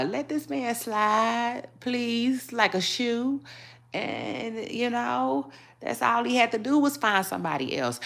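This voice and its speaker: Woman, gossip vlogger, chatty, animated, fillers and restarts. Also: on the high side, gravelly. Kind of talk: casual celebrity gossip commentary.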